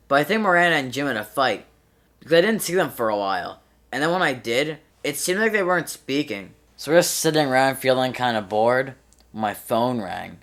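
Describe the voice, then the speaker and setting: Young man telling a story, bright voice. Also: mid-range voice. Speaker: comedy show host. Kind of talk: storytelling monologue.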